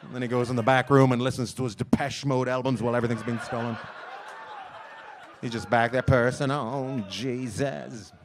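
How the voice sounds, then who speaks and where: Brief: male comic doing stand-up, loud and rambling, plays every voice in the story himself, mid-range voice, faint hiss behind him. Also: mid-range voice, level tone, quick pace, pauses often. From lives in Long Beach, California. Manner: loud, rambling, acts out voices of wife and dog. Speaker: stand-up comedian. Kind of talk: stand-up comedy set. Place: comedy club stage before a live audience.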